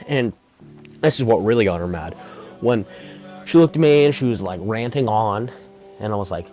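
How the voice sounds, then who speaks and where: A man's voice: lowish voice, animated, moderate pace, long pauses, mellow, faint music behind. A man telling a comedic story as a vlogger, rambling with many restarts and fillers and talking straight to his viewers.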